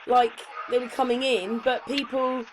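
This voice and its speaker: A woman's voice: on the high side, flat delivery, measured pace. A woman chatting casually, adding points and asking for agreement. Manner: conversational, keeps adding points, asks for agreement. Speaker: co-host. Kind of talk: casual chat. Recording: noisy home recording.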